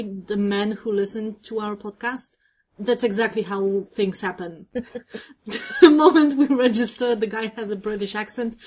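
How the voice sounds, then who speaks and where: A woman's voice: mid-range voice, darkish tone. A woman co-hosts a podcast with a mid-range voice. She speaks casually and playfully, teasing her co-host with laughing asides. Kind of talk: casual chat recapping a TV episode.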